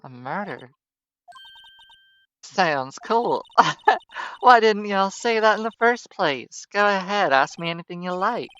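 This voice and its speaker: A streamer voicing a brash, loud young Southern woman photographer with an American Southern drawl, folksy and scolding. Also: medium pitch, animated, slow, pauses often, muffled recording, voice pushed up. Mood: eager. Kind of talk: visual novel voice reading.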